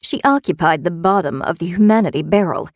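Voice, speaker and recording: A woman reads a suspense audiobook in a steady, tense narrating voice. Her voice sits on the low side. The sound is close and dry, with no room around it. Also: a little fast, dry recording.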